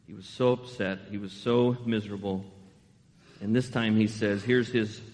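A man preaching a sermon as pastor, animated and asking the congregation rhetorical questions. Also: on the low side, normal speed, big-room sound.

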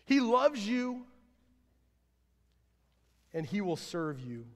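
A man preaching a sermon as pastor, earnest, swelling louder then dropping low at line ends. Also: big pitch swings, very slow. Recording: long hall reverb.

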